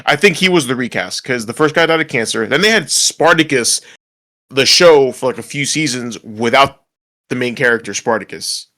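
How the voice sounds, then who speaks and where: Bright-voiced man in casual podcast chat. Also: medium pitch, moderate pace. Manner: rambling, laughs often, many restarts. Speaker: podcast co-host.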